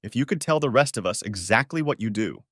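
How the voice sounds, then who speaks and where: A man's voice: lowish voice, expressive, brisk, a bit bright, dry recording, clean studio sound. A man voicing a composed woman who speaks in a pointed way, in a story audiobook. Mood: annoyed. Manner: pointed, clipped. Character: composed woman, serene but easily annoyed.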